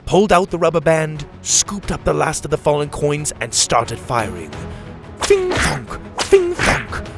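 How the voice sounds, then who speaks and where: A man narrating a children's adventure story in an animated way, voicing each character. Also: fairly high pitch.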